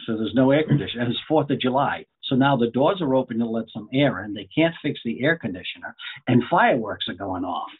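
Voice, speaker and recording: Middle-aged male comedian, anecdotal storyteller, husky tone, narrow lo-fi audio. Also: medium pitch, animated, brisk. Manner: chatty anecdotal storyteller, repeats phrases. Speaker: guest comedian. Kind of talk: casual storytelling.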